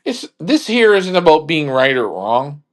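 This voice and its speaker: A man's voice: a little high, very animated, a little slow. A man hosting a casual chat in a blunt, emphatic way, swearing freely.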